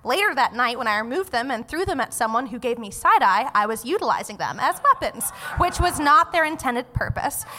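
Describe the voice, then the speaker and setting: Female co-host, bright tone, giggly, live hall reverb. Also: high voice, expressive, fairly quick, hardly any pauses, a little hiss or hum. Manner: giggly, laughs between lines. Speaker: guest co-host and judge. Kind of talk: live quiz show fact reading. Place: live stage.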